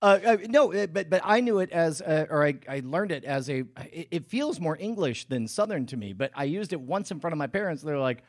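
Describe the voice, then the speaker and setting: A man's voice: fairly high pitch, expressive, a little fast, hardly any pauses, no echo, clean studio sound. A man in casual podcast chat, wry and profane, often stumbling over his openings.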